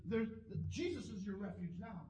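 A man's voice: sits high, moderate pace, mellow, slight background noise. A male pastor preaching a sermon, telling a story and leading a prayer, with frequent restarts and repeated words.

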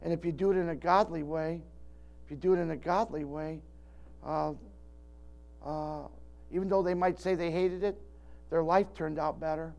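Gray-haired male preacher, homespun and rambling, voice a touch high. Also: steady tone, normal speed, creaky, pauses often, a little mellow, lo-fi sound. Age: older. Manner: folksy, rambling, with many restarts. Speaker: pastor. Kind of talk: sermon.

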